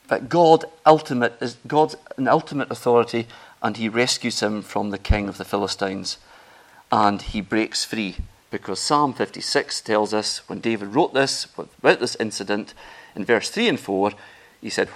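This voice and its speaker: A man preaching a sermon, earnest and emphatic, rising in pitch and volume on key phrases. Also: normal speed.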